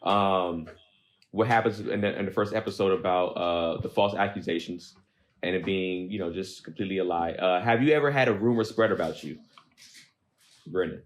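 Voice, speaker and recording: A man's voice: sits low, normal speed. A young man hosting a casual podcast chat, telling rambling, self-deprecating stories. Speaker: podcast host.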